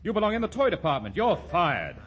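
A man's voice: sits high, wildly swooping pitch, fast, a bit bright, slightly rough, exaggerated voice. An actor playing a curt young male store manager who snaps out orders, in 1940s radio acting on a dull old broadcast recording. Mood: brusque.

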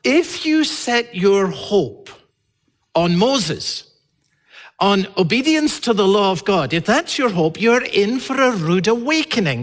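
A male pastor preaching a sermon in an earnest way, building to emphatic peaks and dropping low again. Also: a bit bright.

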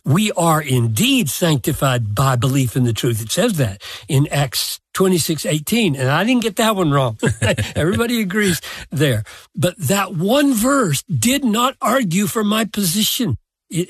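Older pastor guy, breathy husky voice, super slow and thoughtful, dry studio sound. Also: on the high side, dry recording. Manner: slow, deliberate, self-deprecating with chuckles. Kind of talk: reflective podcast answer.

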